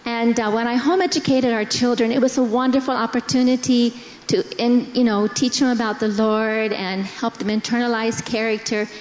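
Middle-aged lady giving her testimony at church, slow and earnest, bit high, echoey. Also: steady tone, a little mellow. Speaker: pastor's wife sharing testimony. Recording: echoey hall, dull sound.

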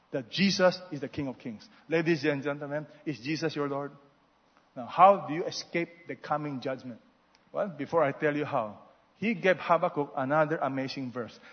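A man preaching a sermon, swinging between loud exhortations and soft asides and having the congregation repeat after him. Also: a little high, husky. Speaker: pastor. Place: large church hall. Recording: muffled sound with long hall reverb.

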